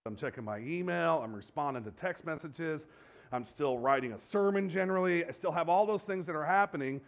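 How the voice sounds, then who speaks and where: A man's voice: a little high, a little fast, creaky, dull audio. A male pastor preaching a conversational sermon, asking his congregation rhetorical questions and often stumbling, restarting and joking about his own slips.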